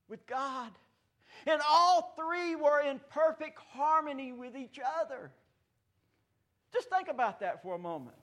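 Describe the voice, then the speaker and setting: A man in his fifties preaching a sermon in a church, folksy and joking, swinging between loud declarations and hushed asides. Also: very high-pitched, very animated, measured pace. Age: 50s. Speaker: pastor. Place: church sanctuary.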